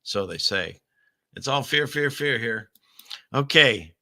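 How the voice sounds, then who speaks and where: A man hosting a show, riffing on the news in a rambling, joking way with sarcastic asides. His voice is very bright and cutting, recorded dry and close with no room sound. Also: medium pitch, animated, slow pace, no room sound. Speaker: show host. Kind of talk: casual news commentary.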